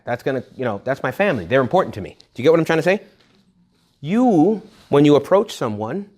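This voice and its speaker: A man, a Catholic priest, giving a retreat talk to young adults in a blunt, jokey, animated way. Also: medium pitch. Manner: animated, jokey, acts out quoted voices; blunt and emphatic.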